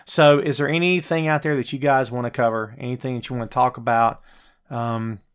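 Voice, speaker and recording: This wrestling podcast host has a steady, clean tone at a typical male pitch. He chats and jokes with live viewers in a relaxed way as he runs through his picks, putting on quick high-pitched voices to quote wrestlers.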